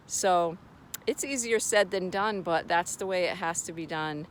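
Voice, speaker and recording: A woman's voice: fairly low pitch, a little slow, a little hiss or hum. A woman talking casually to camera, sharing brain retraining advice in an earnest, reassuring way with storytelling asides.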